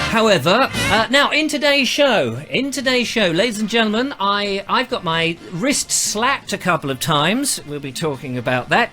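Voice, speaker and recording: A chatty man hosts a live stream with a high, bouncing voice that climbs and dips all the time. His tone is bright and forward, and he jokes at his own expense. Faint music plays behind him. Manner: chatty, jokey, self-mocking. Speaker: host. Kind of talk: live show chat.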